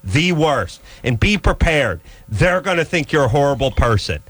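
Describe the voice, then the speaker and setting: Exasperated, animated man ranting on radio. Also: normal speed, no room sound. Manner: profane, exasperated storytelling rant; punchy delivery, jumps into high mocking voices. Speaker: radio host. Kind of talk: comic ranting talk radio.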